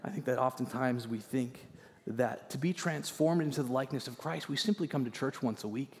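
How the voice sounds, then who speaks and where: A man's voice: mid-range voice, fairly quick. Preaching man in a reverberant hall. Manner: dynamic preaching, swinging from loud emphasis to hushed near-whispers; repeats key lines for emphasis. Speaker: pastor. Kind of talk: sermon.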